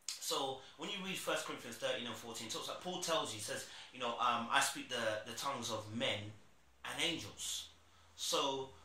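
A man's voice: medium pitch, bright, forceful tone, a little hiss or hum. A young man tells a casual faith testimony and acts out his past self in the story. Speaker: Christian vlogger. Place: room at home. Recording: echoey room with faint ambience.

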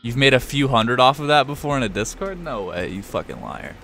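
A young man live-streams a game and banters with his chat in a loose, joking way, dropping casual swears. His voice is bright and sharp, and his pitch leaps around animatedly. Faint music plays underneath. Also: big pitch swings, fairly quick, gravelly. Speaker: gaming streamer.

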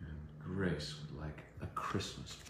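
A middle-aged American man chatting casually while signing autographs, relaxed and rambling with many fillers. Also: a bass voice, takes it slowly. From United States. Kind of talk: casual chat during a live autograph stream. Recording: very echoey room, faint background hum.

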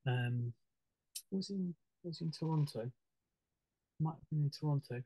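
A man, a musician guest on a radio interview, talking casually in a halting way, full of fillers and restarts, with frequent laughs. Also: a little high, mellow, breathy edge, rough recording. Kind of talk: casual radio interview over a video call.

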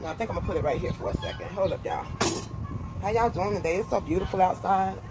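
A woman's voice: lowish voice, animated, fast, heavy background noise. Chatty woman vlogging from far off. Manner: chatty, talks straight to viewers. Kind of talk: casual vlog chat. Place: home and backyard. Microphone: camera mic. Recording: roomy echo from far off.

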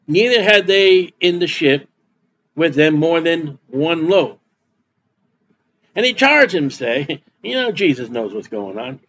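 A man's voice: on the high side, very animated, slow, a bit bright, lo-fi sound, a little hiss or hum. A man preaching a sermon as pastor, folksy and repetitive, reading scripture aloud between his comments. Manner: folksy preaching with repeated words and Bible reading.

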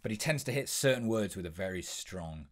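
Low-voiced young man teaching impressions. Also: lively intonation. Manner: brisk, instructive, with frequent ums. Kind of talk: tutorial explanation.

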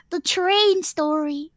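Woman, high voice, dry close sound, animated storyteller on a call. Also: no room sound. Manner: animated storytelling, laughs often. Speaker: streamer telling a story. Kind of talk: casual group chat.

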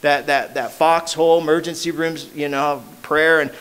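Man, 30s or older, a bit high-pitched, casual slangy storyteller at a recovery meeting who softens at the heavy moments. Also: fairly even intonation, normal speed, smooth. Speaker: AA meeting speaker. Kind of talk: personal recovery story told to a crowd. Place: meeting hall.

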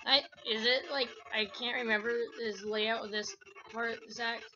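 A woman's voice: on the high side, fairly even intonation, moderate pace, dull audio. A woman giving let's-play commentary, rambling through asides and breaking into yelps and squeals. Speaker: gameplay commentator. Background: faint game music.

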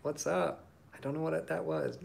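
Over a phone mic, a man who writes and sings his own songs reads viewer comments during a laid-back livestream, rambling and saying um a lot. His voice is a little high with vocal fry, and he speaks at a normal speed.

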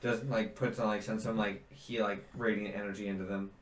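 A man's voice: lowish voice, little pitch movement, a little fast, background noise. A man narrating a tabletop game as game master, rambling with many fillers as he searches for words. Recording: roomy echo.

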